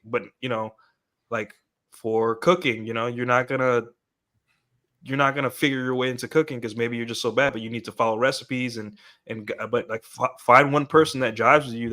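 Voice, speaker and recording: A man's voice: medium pitch, a bit bright. Rambling man on a podcast. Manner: rambling, full of restarts and fillers. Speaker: podcast co-host. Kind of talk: casual podcast discussion.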